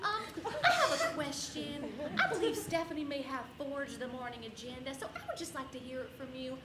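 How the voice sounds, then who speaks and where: A woman playing a stern middle-aged teacher who questions a student in slow, pointed words. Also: sits high, lively intonation. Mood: polite. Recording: echoey room with background noise.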